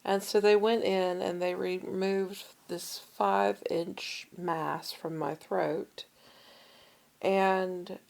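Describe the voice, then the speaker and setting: Woman with a gravelly edge, chatty, animated when quoting people. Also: lowish voice. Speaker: podcast co-host. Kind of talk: casual chat.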